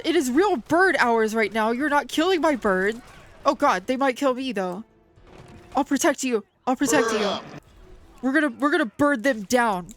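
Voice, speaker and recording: Excitable woman streaming a game. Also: high voice. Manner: excitable, swears often, talks to chat while playing. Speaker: VTuber streamer. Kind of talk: gaming livestream chat.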